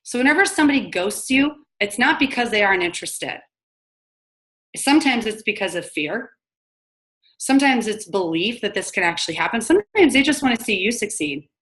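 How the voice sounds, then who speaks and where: Young woman doing a casual team training call, chatty, fast, lots of "like", acts out phone calls. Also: a little high, fairly bright tone. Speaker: network marketing team trainer.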